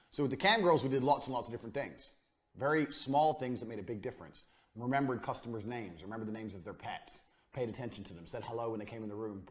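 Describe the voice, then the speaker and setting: A man giving a business lecture to a live audience, blunt and profane, hammering his points home through repetition. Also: fairly low pitch. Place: university lecture room.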